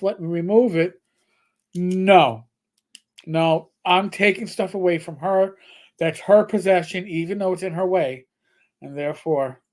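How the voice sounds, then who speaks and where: A man's voice: sits high, a little mellow. Rambling man. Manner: rambling storyteller, swears casually, imitates his cat. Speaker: co-host of a gaming health live stream. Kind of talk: casual chat.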